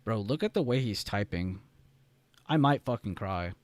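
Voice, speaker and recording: On this casual live stream, the young trading host wanders from topic to topic, swears offhandedly and reads out messages from the chat. He speaks at a moderate pace in a lowish, animated voice. The recording has no room sound.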